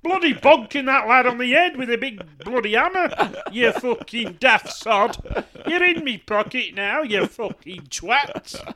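A man putting on a shrill, brash Italian gangster. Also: lively intonation, a little slow, heavily acted. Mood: gloating. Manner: shouty, sweary, gloating. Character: brash loud male Italian gangster blackmailer.

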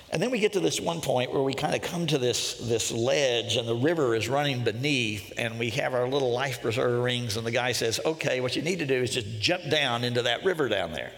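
Gravelly-voiced man preaching in a hall. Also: lowish voice, a bit bright. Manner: storytelling, self-deprecating humor. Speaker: pastor. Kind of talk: sermon. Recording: long hall reverb.

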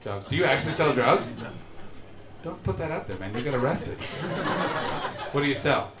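A man's voice: medium pitch, expressive, moderate pace, heavy background noise. Profane, ranting male comedian in an echoey room. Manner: profane, ranting, swings from muttered asides to shouting. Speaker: comedian podcast host. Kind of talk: live comedy podcast, ranting stand-up chat. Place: live show venue with audience. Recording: echoey live venue.

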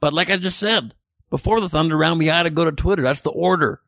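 A man's voice: on the high side, fast, vocal fry, a bit bright, dry recording, studio quality. A man hosting a comedic weekly news podcast, reading listener messages with jokey, irreverent asides. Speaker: podcast host.

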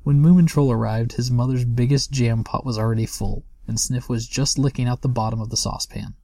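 Young guy reading a kids book aloud, low gravelly voice, dry close sound. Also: fairly even intonation, fairly quick, dark tone, no echo. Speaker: audiobook reader and host.

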